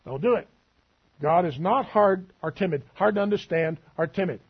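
A man's voice: sits high, normal speed, husky, highs cut off. A male preacher giving a sermon in a conversational, teasing way, asking the room questions.

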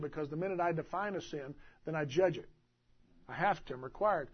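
A man preaching a sermon as pastor, emphatic and swinging between loud and soft delivery. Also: on the high side, breathy edge, highs cut off.

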